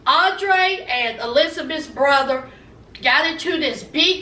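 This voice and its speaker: Sassy high-voiced woman. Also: slow, sharp tone. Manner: sassy, gossipy, acts out the cast's lines. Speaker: recap vlogger. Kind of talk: casual TV recap commentary. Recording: echoey room, mic at a distance.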